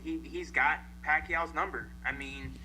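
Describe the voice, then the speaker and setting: A man's voice: on the high side, fairly even intonation, measured pace, sharp tone, slight background noise, poor audio. A tired man in a casual boxing chat, hesitant and full of fillers.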